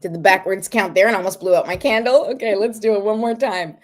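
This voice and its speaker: A woman's voice: medium pitch, quick pace. Chatty woman hosting a livestream. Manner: chatty, encouraging, checks in with viewers. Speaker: host. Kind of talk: casual livestream talk and guided breathing.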